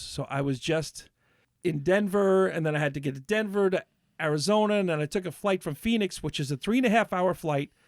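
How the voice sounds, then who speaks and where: A man's voice: a little high, no echo, clean studio sound. A man on a podcast, ranting in a worked-up, swearing rush while telling a story in casual chat. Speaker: podcast co-host.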